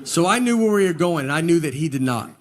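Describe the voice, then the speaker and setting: A man doing a stand-up comedy set, telling stories in a deadpan, low-key manner. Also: fast talker. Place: live venue with laughing audience. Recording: loud crowd laughter and noise.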